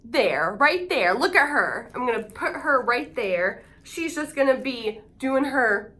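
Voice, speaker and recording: A woman with a high, bright voice that swings widely up and down as she talks. She gushes with excitement in a casual unboxing vlog. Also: a little slow. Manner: excitable and gushing. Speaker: AuthorTube vlogger.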